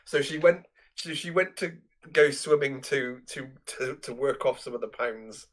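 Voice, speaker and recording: Halting man recalling film details. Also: medium pitch. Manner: halting, repeats words, chuckles while recalling details. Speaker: podcast co-host. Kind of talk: casual film review chat.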